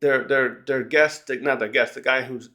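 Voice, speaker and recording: A man's voice: medium pitch, fairly even intonation, moderate pace, sharp tone. A man casually recapping a manga chapter in a rambling, chatty way, with frequent restarts and small laughs.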